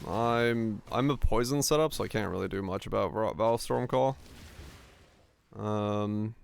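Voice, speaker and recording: A man's voice: fairly low pitch, unhurried, creaky, a little hiss or hum. A man casually commenting while he plays a game on stream, rambling and answering chat questions as he goes.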